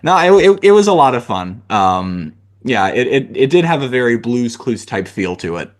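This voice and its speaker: A man hosting a podcast interview, speaking casually and haltingly with many fillers and restarts. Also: medium pitch, very animated. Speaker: podcast host.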